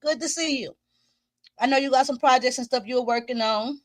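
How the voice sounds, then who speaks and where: Woman, high voice, chatty livestream host, laughs often, slightly winded, dry close sound. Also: a little fast, dry recording. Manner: chatty and loose, greets viewers by name, laughs often. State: a little winded. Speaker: host of a livestream commenting on trials. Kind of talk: casual livestream chat with viewers. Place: small room at home.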